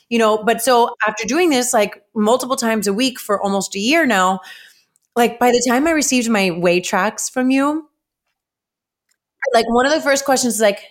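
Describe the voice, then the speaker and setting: A woman's voice: medium pitch, normal speed. A young adult woman hosting a podcast, talking casually and emotionally with lots of "like". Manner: chatty, heavy use of "like", emotional. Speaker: podcast host. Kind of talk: casual podcast chat and read ad.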